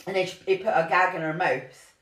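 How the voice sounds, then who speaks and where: A voice at a middling pitch, telling a true-crime story in a loose, chatty way. The telling rambles, with plenty of "like" and false starts. The recording has a noticeable echo from the room. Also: fairly even intonation, brisk, pushed and bright. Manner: rambling, lots of "like" and restarts. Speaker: podcast co-host. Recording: roomy echo.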